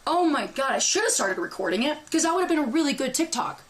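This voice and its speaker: Young female streamer, high-pitched, brash and profane, acts out her own yelling mid-story. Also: very animated, quick pace. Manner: loud, profane, reenacts screaming. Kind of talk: animated storytelling to chat.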